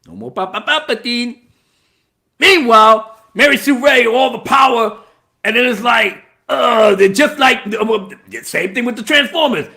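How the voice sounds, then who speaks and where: A man retells a film scene by scene in a loud, mocking, profane review. His voice sits very high and carries a gravelly fry. The tone is bright and sharp. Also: normal speed. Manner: animated, mocking, profane, bursts into laughter and mimicry. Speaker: movie reviewer. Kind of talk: casual spoken movie review.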